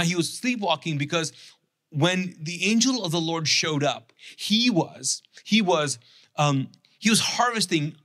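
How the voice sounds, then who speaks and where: A man preaching a conversational sermon, retelling a scripture story with animated, sarcastic acted quotes. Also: on the high side. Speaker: pastor.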